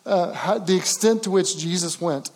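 Male pastor, high voice, chatty sermon delivery with restarts and emphatic peaks. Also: normal speed, a little mellow. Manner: conversational, frequent restarts, rising to emphatic cries.

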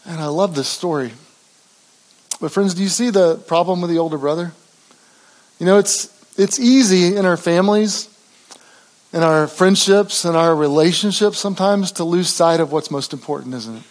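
A man preaching a sermon, telling a story in a conversational way with many fillers and restarts, dropping low and quiet for tender moments and rising for quoted speech. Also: normal speed. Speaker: pastor.

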